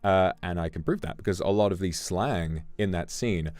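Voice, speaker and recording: Deep-voiced man telling a story on stream. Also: moderate pace, no room sound. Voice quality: deep, animated storytelling with sudden pitch jumps. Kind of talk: casual stream chat. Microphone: streaming microphone. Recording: dry close mic, faint music behind.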